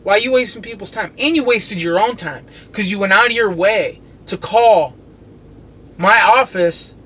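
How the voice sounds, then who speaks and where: A man's voice: high-pitched, normal speed, breathy edge. A man who cleans commercial kitchens, venting in a heated, profane, sarcastic rant. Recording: steady traffic and car noise behind.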